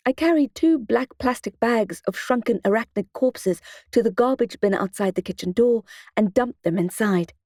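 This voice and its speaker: A woman narrating a first-person audiobook in a steady, expressive storytelling manner into a close studio mic. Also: a little high, normal speed, few pauses, no echo.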